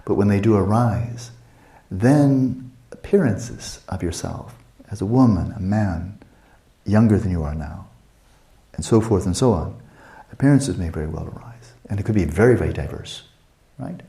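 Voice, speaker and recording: Calm older man guiding meditation. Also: low-pitched, moderate pace, gravelly. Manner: calm, reflective, asks many rhetorical questions. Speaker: meditation teacher. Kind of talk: guided meditation teaching. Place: retreat meditation hall.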